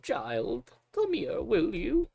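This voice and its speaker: A man putting on a kind old granny cook in falsetto. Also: huge pitch swings, creaky, warm tone, husky, exaggerated voice, poor audio. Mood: coaxing, gentle. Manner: high falsetto, slow and coaxing.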